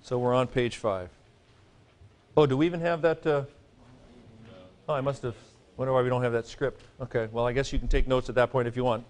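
Middle-aged man, classroom Greek teacher, casual and joking, mid-pitched voice. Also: fairly even intonation, brisk, pauses often. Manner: chatty, joking asides, frequent "okay?" checks. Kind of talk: classroom lecture.

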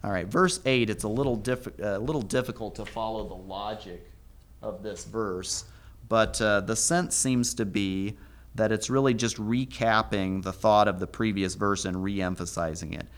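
A man teaching a Hebrew Bible lesson, methodically reading the verses aloud slowly and explaining the grammar. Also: fairly low pitch, fairly even intonation.

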